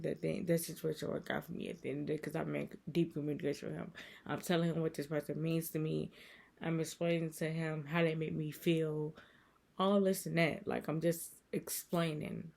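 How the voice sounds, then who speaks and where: A woman's voice: sits low, level tone, a little fast, gravelly, a little mellow. A woman creator giving a casual, earnest devotional talk, rambling and repeating herself as she encourages her viewers. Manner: rambling and repetitive, circling back on her points; earnest and emotional. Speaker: faith content creator.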